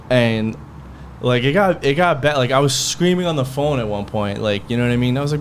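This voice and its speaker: A man's mid-range voice comes across animated and brisk as he tells a heated story on his podcast. He rambles and swears, retelling it with quoted dialogue, and a little hiss or hum sits in the background.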